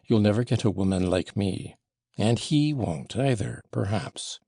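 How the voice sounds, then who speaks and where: A man's voice: on the low side, a little slow, gravelly, warm tone, breathy edge, no room sound, studio quality, heavily acted. A man reading an audiobook voices a passionate, wounded young woman, talking in a raised, emotional way that swings from tender to scornful. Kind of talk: audiobook character voicing.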